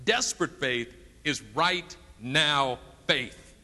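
Preacher guy, high bright voice, big swings, acts out the story people, echoey hall. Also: expressive, takes it slowly. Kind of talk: sermon.

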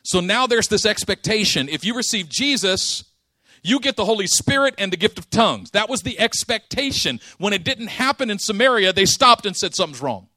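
Man, preacher, high animated voice, bright tone, sermon. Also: moderate pace, no echo. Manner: emphatic, rising to stress key words.

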